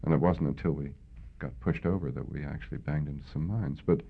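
An older Canadian man recalling his wartime service in an oral history interview, reflective and hesitant, with many pauses and fillers. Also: a bass voice, gravelly, husky. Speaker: veteran interviewee. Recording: tinny phone-like lo-fi recording.

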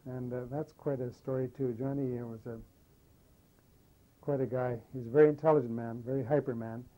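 Older guy telling old war stories, mellow low-key voice, acts out what people said. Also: fairly quick, low-quality recording. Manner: lively anecdotal storyteller, animates quoted dialogue. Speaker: war veteran interviewee. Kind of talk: oral history storytelling.

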